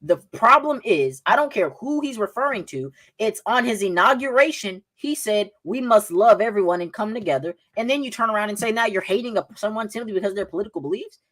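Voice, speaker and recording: A man's voice: high voice, expressive, fast, few pauses, pushed and bright. A man with a Southern accent hosting a political livestream podcast, combative and repeating "right?" again and again. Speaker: podcast host.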